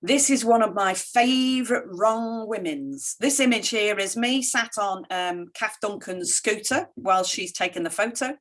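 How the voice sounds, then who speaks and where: Animated woman telling stories in a keynote. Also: medium pitch, a little slow, hardly any pauses. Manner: animated storytelling, quotes others in lively voices. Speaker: keynote speaker. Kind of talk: conference keynote with slides.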